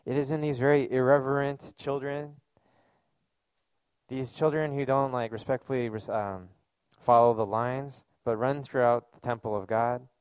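A man's voice: medium pitch, steady tone, moderate pace, clean tone, no echo. A man giving a sermon as a pastor, speaking in a conversational, earnest way with casual fillers.

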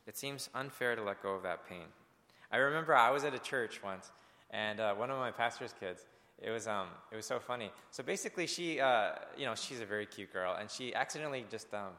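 A man's voice: on the low side, fairly quick, pushed and bright, big-room sound. A male pastor preaching a sermon in an earnest, conversational way, speaking directly to his congregation.

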